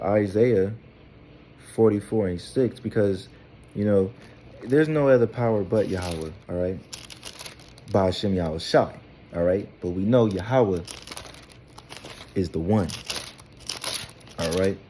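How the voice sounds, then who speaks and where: Slight background noise accompanies a man whose voice is on the low side and warm. Teaching scripture casually, this Bible teacher keeps asking "all right?" after nearly every phrase, rambling with filler and repeated words.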